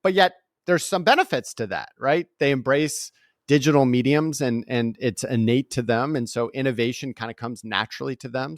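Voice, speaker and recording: This interview features a guest author and speaker, a man in his forties with a medium-pitched voice, whose energetic storytelling is sprinkled with frequent "right?" tags. It's clean studio audio, echo-free.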